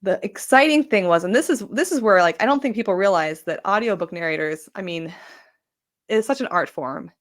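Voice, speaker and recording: A woman's voice: medium pitch, expressive, moderate pace. A woman author talking over a video call in a casual, enthusiastic way, often restarting her sentences. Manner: chatty and enthusiastic, with frequent restarts and filler. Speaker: traditionally published novelist, guest. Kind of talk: casual live-stream chat.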